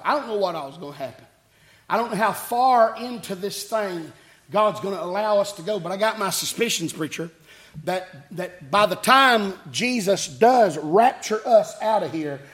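A man preaching a fiery revival sermon, shouting in a chanting cadence with frequent hallelujahs and calls to the congregation. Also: sits high, husky. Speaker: pastor.

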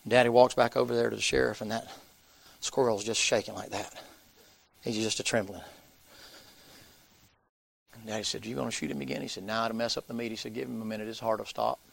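A man's voice: fairly low pitch, steady tone, fairly quick, gravelly, pauses often, no echo. A man, preaching by telling a folksy story and acting out the people's voices. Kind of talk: sermon storytelling.

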